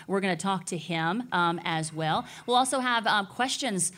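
A woman's voice: mid-range voice, animated, normal speed, a bit bright. A woman, co-hosting a podcast live on a conference stage in a chatty, upbeat way. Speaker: podcast co-host.

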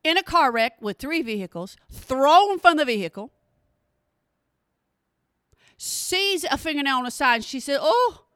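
Woman comic host, high voice, emphatic, talks to the crowd as "y'all," dry sound. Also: unhurried, long pauses, dry recording. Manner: emphatic, animated, talks straight to listeners with "y'all" and "hear me". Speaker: comedic host. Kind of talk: comic storytelling to an audience.

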